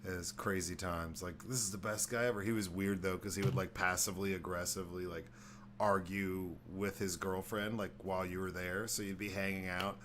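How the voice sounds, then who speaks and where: Low-voiced man telling rambling stories. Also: steady tone, fairly quick, fairly bright tone, slight background noise. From Texas. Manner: rambling storyteller who acts out voices, swears freely. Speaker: podcast host. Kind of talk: casual chat.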